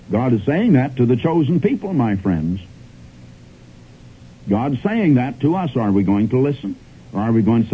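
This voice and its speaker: Man, radio preacher, emphatic swooping delivery, husky and lively, tinny broadcast sound. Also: mid-range voice, normal speed. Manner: emphatic, swooping preaching cadence, repeats "my friends". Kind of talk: old radio sermon.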